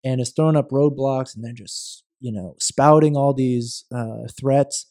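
A man, a real estate attorney and podcast guest, speaking in a measured, thoughtful way with frequent restarts in a conversational interview. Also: mid-range voice, dark tone, no room sound, clean studio sound.

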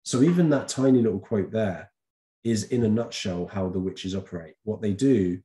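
A man with a low, mellow voice walks students through a revision lesson. He talks casually to the camera and often stops to correct himself or fill a pause with an um. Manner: chatty, with frequent ums and self-corrections. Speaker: teacher. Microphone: camera recording.

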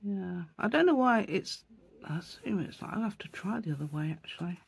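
A woman's voice: mid-range voice, very animated, fairly quick, vocal fry, breathy edge, no echo. A woman hosting a casual crafting tutorial, thinking aloud as she works and often correcting herself. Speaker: craft channel host.

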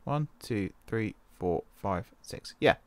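Low-voiced man musing over a game. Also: expressive, slow pace, no echo. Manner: thinking aloud, indecisive, self-correcting. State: wrist pain. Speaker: game let's-play host. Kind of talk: casual gameplay commentary.

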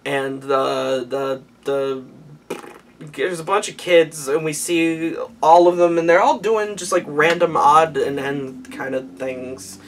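Tipsy young dude rambling, kinda high voice, restarting sentences, sounds a bit far from the mic. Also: male voice, takes it slowly, a bit bright, slight background noise. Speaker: vlogger recapping an anime. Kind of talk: rambling casual recap. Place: small warm room indoors.

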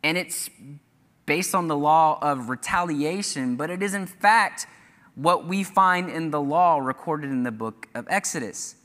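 A man's voice: fairly high pitch, animated, unhurried, fairly bright tone. A man preaching a sermon as pastor, earnestly reading scripture aloud with emphatic rises. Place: church sanctuary. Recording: church hall reverb.

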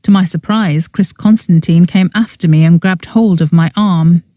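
A woman narrating a first-person cozy mystery audiobook in a brisk storybook reading. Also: on the low side, dark tone, no echo, clean studio sound.

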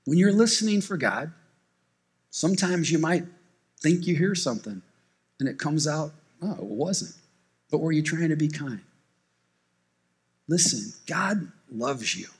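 Guy preaching at church, kinda high-ish voice, chatty and restarts a lot. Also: animated, measured pace, long pauses, slightly rough. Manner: conversational, with repeated restarts. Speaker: pastor. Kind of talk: sermon with personal storytelling. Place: church service.

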